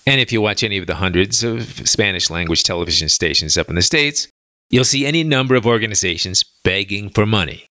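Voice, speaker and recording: A male talk show host relaying a translated interview in an animated, indignant retelling. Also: fairly low pitch, no echo.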